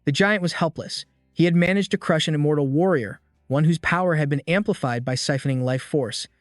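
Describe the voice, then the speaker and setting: A man reading a scripted story recap in a steady read-aloud way, barely changing his voice for the characters' lines. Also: fairly high pitch, brisk, no echo, clean studio sound, faint music behind. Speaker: recap narrator.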